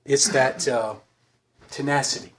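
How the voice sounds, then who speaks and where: A man speaking to a recovery group in a halting, earnest way, often pausing to search for words. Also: mid-range voice, fairly even intonation, a little hiss or hum. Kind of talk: personal recovery talk to a group.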